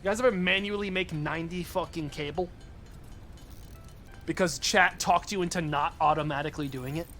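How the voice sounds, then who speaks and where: A young man streaming a game live, talking to his chat, excitable and swearing often. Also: a little high, normal speed, faint music behind.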